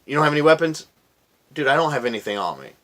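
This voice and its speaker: A man's voice: on the high side, big pitch swings, fast talker, fairly bright tone. A young man from Florida telling a story to camera in a casual, profane, laid-back way, often raising his voice to quote himself. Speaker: vlogger.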